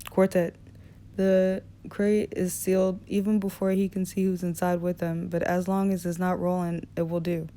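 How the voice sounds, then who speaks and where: A woman narrating an audiobook in a relaxed reading style, with small slips and restarts. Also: fairly low pitch, normal speed, clean tone. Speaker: audiobook reader.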